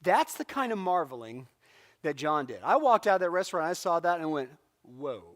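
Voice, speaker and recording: A middle-aged man from California leads a church Bible lesson, his voice sitting a little high for a man. He talks casually, acting out quotes and stories with a lively, laughing delivery. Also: brisk. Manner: animated storytelling with acted-out quotes and laughs. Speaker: Bible class teacher.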